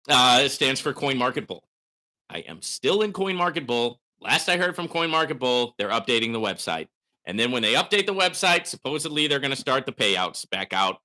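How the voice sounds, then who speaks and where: A man hosting a live question-and-answer chat, animated and prone to sudden hollering, tagging his points with "right?". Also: mid-range voice. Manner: animated, hollering bursts, calls viewers bro; frequent "right?" tags. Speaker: host.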